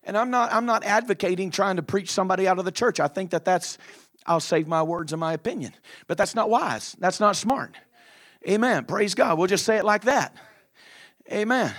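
A man preaching a sermon in a fiery manner, shouting drawn-out phrases with frequent filler uhs. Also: high voice.

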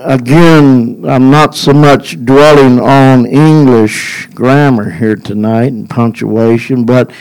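A man preaching a sermon in a folksy, deliberate way, building to a rising, emphatic cadence. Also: medium pitch, gravelly, poor audio.

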